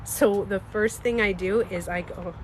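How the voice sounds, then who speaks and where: A woman beauty coach chatting candidly on a livestream, animated, swearing freely and laughing often. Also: medium pitch, unhurried, a little hiss or hum. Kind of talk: casual livestream chat.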